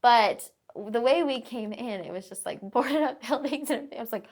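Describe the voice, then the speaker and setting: Chatty young woman with gravelly fry. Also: on the high side, moderate pace. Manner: chatty, many fillers. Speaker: podcast guest. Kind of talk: casual storytelling interview.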